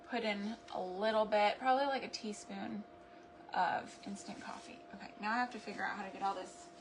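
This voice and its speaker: A woman's voice: mid-range voice, a bit bright, slight background noise. A woman chatting casually while she crafts at home, thinking aloud and laughing at her own mishaps. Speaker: craft and homestead vlogger. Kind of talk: casual crafting chat to camera.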